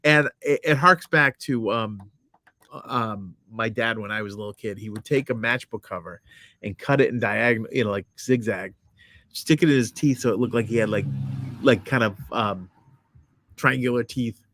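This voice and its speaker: A man co-hosting a podcast with his wife, answering her teasing with dry, deadpan, self-deprecating humor. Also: fairly low pitch, moderate pace, dry recording. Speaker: podcast co-host. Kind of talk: casual married-couple banter.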